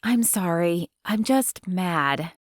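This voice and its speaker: A woman's voice: fairly low pitch, animated, takes it slowly, dry recording, clean studio sound. A woman narrator voicing a sweet, easily flustered young woman in an audiobook. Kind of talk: audiobook character voice.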